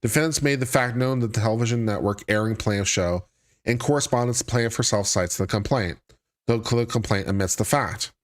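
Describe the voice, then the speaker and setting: A man's voice: lowish voice, fairly quick. A man hosting a live stream, reading a court filing aloud and breaking off into dry, sarcastic commentary. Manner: reads legal text aloud then breaks off into sarcastic asides. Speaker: legal commentary host.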